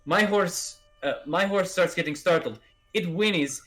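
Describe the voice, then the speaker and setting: A man voicing a male stranger with a crossbow who insists on his side of events, stammering and rushed. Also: sits high, a bit bright. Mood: insistent.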